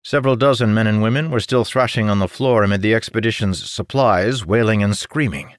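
A man narrating a fantasy adventure audiobook with a steady, measured delivery. his voice sits low, and the recording is close and dry, with no room sound. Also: no echo.

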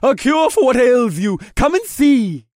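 A man voicing a boisterous, friendly male potion vendor who gushes a showy sales pitch. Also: wildly swooping pitch, measured pace, no echo, studio quality. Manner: shouting, gushing salesman patter.

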